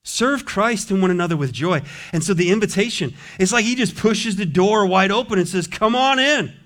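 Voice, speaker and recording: Male pastor, high-pitched voice, passionate sermon delivery, loud then quiet. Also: fairly quick. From United States. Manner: impassioned preaching, swinging from loud exhortation to soft, low asides.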